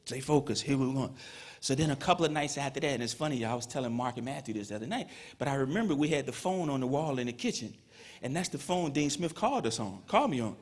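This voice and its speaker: A man's voice: mid-range voice, lively intonation, fast talker. A man from Petersburg, Virginia, giving a conversational Hall of Fame induction speech full of "you know". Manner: conversational storytelling with many "you know" fillers. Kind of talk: induction ceremony speech, storytelling. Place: ceremony hall, speaking to an audience.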